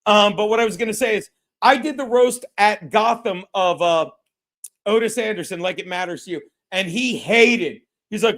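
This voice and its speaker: Hosting a podcast, a man chats casually and tells stories in a brash, profane way, often mimicking other people's voices. He speaks briskly in a very high-pitched, fairly bright voice.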